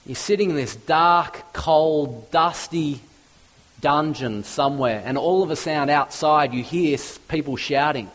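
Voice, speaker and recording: A man preaching a sermon with passion, stacking up lists that climb to loud peaks and then dropping low and hushed. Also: a little slow, low-quality recording.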